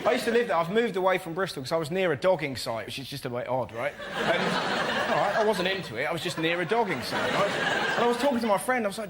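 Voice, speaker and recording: Male comedian, high voice, chatty anecdote, building to excited bursts. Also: quick pace. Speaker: comedian panelist. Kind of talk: stand-up anecdote. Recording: noisy studio with loud crowd.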